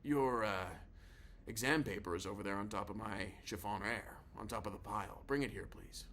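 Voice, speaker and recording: A sarcastic old history teacher, voiced by a male reader, lingering on his cutting remarks. The voice sits fairly low, with a faint hiss of background noise under the storybook reading. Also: normal speed, fairly bright tone. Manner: sarcastic, repeats himself.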